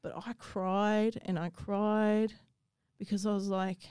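Aussie woman telling her story straight, swears a lot, smooth voice, dry mic. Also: mid-range voice, flat delivery, slow pace, darkish tone, no room sound. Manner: blunt, swears freely, emotional storytelling. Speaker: guest. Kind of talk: personal story in interview.

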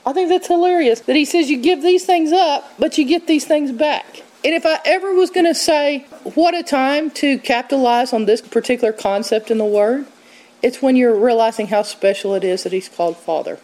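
A woman teaching on scripture in a conversational, animated way, quoting verses and acting out what people said. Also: high voice, normal speed, rough recording. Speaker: Bible teacher.

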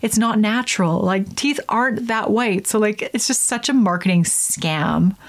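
A woman's voice: mid-range voice, normal speed. A young adult woman hosting a casual solo podcast, talking chattily and acting out quotes in silly voices. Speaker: podcast host.

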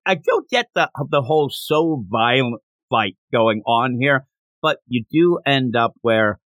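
A man's voice: mid-range voice, no room sound. A man co-hosting a podcast, chatting casually and joking as he recaps a manga chapter. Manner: animated, jokey, slips into character voices. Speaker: podcast co-host.

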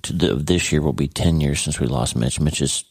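A man's voice: extremely low pitch, moderate pace, slightly rough, no echo. A middle-aged man hosting a podcast, talking earnestly and heartfelt straight to his listener in a personal monologue. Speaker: podcast host.

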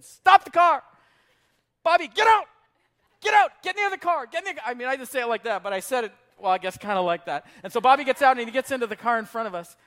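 A middle-aged man preaching a sermon as pastor, telling a story with animated delivery and shouting for emphasis. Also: sits high.

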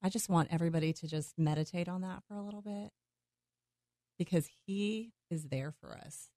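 A woman's voice: fairly low pitch, moderate pace, warm tone, no echo, clean studio sound. A woman hosting a faith podcast, encouraging her guest and speaking devotionally to listeners. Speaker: podcast host. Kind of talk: podcast interview.

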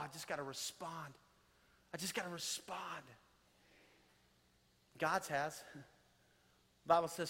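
A man in his thirties, a pastor giving a sermon, swinging from loud, rising passages to hushed, soft ones. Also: high voice. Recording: long reverb of a large hall.

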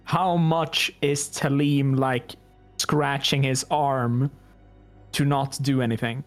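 A man talks through his character's reasoning at a tabletop game. His voice sits at a middle pitch and stays plain and thoughtful. Faint music plays underneath. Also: fairly even intonation, takes it slowly. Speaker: player. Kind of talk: tabletop role-play.

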